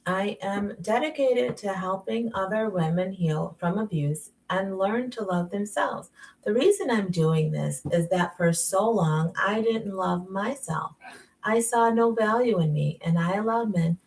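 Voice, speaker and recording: Chatty middle-aged woman, gravelly, off-mic. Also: mid-range voice, unhurried, a little mellow, distant mic, rough recording. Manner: chatty and self-mocking, laughs often. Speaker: life coach and author. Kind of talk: casual live-stream chat and book reading. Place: at home at night.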